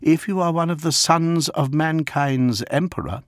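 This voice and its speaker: A man voicing a quiet, respectful officer who speaks in a measured way. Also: on the high side, dry recording, studio quality, voice pushed up, close to an everyday voice. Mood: calm. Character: quiet, calm male officer, respectful and steady.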